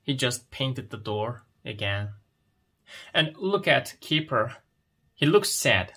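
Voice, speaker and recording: Slow, bright-voiced man. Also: medium pitch, very animated. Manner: asks questions and answers them himself. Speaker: English teacher. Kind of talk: slow explanatory lesson, reading a picture story.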